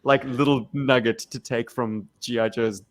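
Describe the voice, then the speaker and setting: A man's voice: mid-range voice, fairly even intonation, normal speed. A South African man co-hosting a podcast, jokey and teasing as he steers the chat. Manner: jokey and teasing, leads the discussion. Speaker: podcast co-host. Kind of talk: casual chat.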